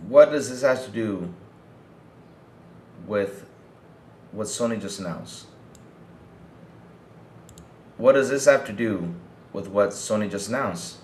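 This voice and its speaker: Ranting man in a roomy space, lively pitch. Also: a little slow, pauses often, slight background noise. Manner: ranting, repetitive, heated. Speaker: podcast host. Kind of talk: livestream commentary to chat.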